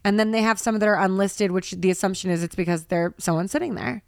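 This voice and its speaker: A woman's voice: medium pitch, fairly even intonation, quick pace, gravelly, clear, resonant tone, dry recording, clean studio sound. A young woman co-hosting a casual podcast, telling stories in an exasperated, profane rant. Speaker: podcast co-host. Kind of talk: casual chat, storytelling.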